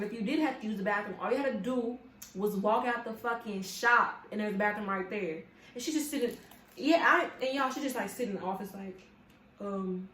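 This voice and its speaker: Young woman vlogger, animated and profane, in an echoey room. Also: medium pitch, brisk. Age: young adult. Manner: animated, profane, talks straight to viewers. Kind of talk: casual storytime chat. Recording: echoey room with faint ambience.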